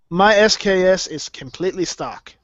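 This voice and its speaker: Man in an online chat, high voice, stammers and restarts, dry and muffled. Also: sharp tone, no room sound. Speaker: voice chat participant. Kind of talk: casual chat.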